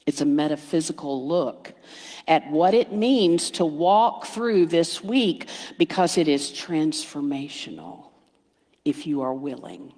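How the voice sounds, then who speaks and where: A middle-aged woman minister giving a sermon, storytelling warmly with playful asides and hushed emphasis. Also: lowish voice. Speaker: guest speaker minister. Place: church sanctuary. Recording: reverberant hall.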